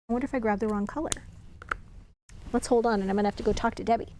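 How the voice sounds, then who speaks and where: A woman's voice: fairly high pitch, very fast, mellow, a little hiss or hum. Chatty woman demonstrating card crafting. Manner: chatty, talks while working, thinks aloud. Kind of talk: casual crafting tutorial.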